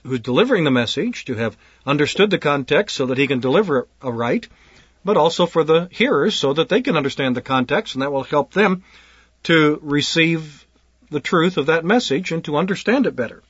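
A pastor speaking to would-be preachers in an earnest, deliberate way, often repeating words as he gathers his thoughts. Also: a little high, a bit bright, breathy edge, no room sound. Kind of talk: instructional talk on preaching. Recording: dull lo-fi dry recording.

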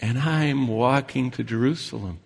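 A man acting out a friendly risen old patriarch, genial, slightly higher voice, hall echo. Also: normal speed, creaky, breathy edge.

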